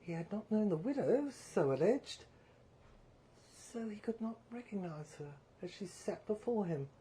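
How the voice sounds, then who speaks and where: A woman reads a first-person story aloud. Her delivery is measured and deliberate, moving steadily through the narration. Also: mid-range voice, expressive, dark tone, a little hiss or hum. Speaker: story reader.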